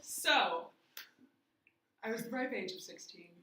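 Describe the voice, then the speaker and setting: A young woman telling stories in a casual chat, animated and often laughing. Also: mid-range voice, takes it slowly, slight background noise. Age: young adult. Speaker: guest. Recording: echoey room from a distance.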